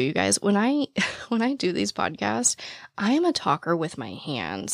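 Woman podcast host, raspy gravelly voice, out of breath, rapid excited chatter, dry close mic. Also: on the low side, dry recording. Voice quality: naturally raspy voice with vocal fry. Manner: talks very fast and excitedly. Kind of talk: casual chat to listeners. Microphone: studio microphone, standing while recording.

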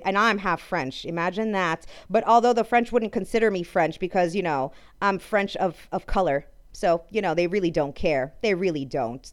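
A woman's voice: mid-range voice, clean tone. A woman ranting in a heated, profane vlog commentary, often stumbling and restarting her sentences. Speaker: vlogger. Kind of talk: angry commentary rant.

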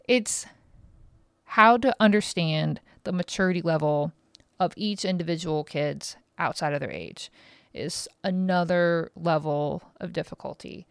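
In a casual podcast monologue, a woman in her thirties rambles loosely, speaking frankly and swearing readily. Her low voice sounds smooth and clear, captured close and dry with no room sound.

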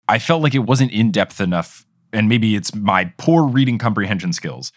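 A man with a very low voice, speaking slowly and thoughtfully on a podcast. He is measured and a little self-deprecating. The recording is close and dry, with no room sound. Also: dry recording. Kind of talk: casual podcast discussion.

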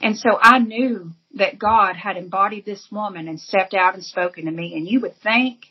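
A woman's voice: medium pitch, normal speed, husky, muffled recording. A woman giving an earnest, emotional personal testimony as an interview guest, telling her story vividly.

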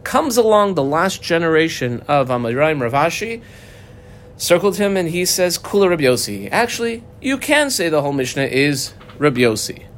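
A man's voice: fairly high pitch, very animated, fairly bright tone, a little hiss or hum. A man teaching a daily Talmud class, reading Aramaic phrases and explaining them in English. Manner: explains Aramaic text line by line in English, fast with fillers.

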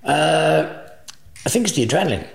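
A man's voice: on the high side, lively intonation, normal speed, gravelly. A man as an interview guest, telling crude travel anecdotes with frequent laughter. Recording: echoey room.

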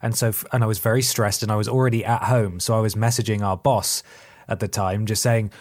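A man's voice: lowish voice, steady tone, fairly quick. A man chatting casually as a podcast co-host, telling self-deprecating work stories. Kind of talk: casual chat.

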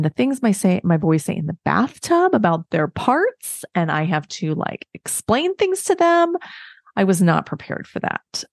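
A woman's voice: lowish voice, gravelly, no room sound, studio quality. A woman in her thirties hosting a podcast, giving candid, self-mocking, chatty advice to other parents. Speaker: podcast host. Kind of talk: casual solo advice talk.

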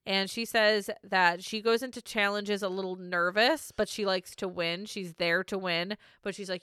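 Woman, podcast co-host, casual recap chat, bright tone, dry close sound. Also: mid-range voice, fairly even intonation, clear, resonant tone, no echo. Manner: laughs often, swears, rapid recounting.

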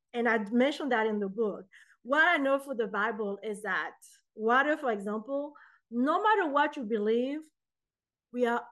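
A woman talks as a podcast guest in a lively, expressive way. Her voice sits a little higher than most, and it leaps up when she acts out what other people said. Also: rough recording. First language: French. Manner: animated, acts out quoted voices. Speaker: guest poet and author. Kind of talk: casual interview chat.

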